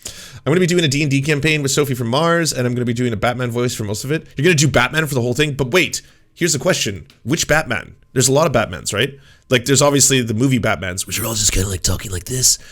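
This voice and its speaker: A man's voice: mid-range voice, fast talker, fairly bright tone. A man talking casually as a streamer, commenting sarcastically on what he reads aloud, swearing and mocking it.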